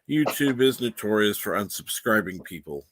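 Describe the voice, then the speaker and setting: A man's voice: lowish voice, lively intonation, normal speed, a bit bright. A man hosting a casual livestream from home, reading viewer comments aloud and swearing casually. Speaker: livestream host. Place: room at home.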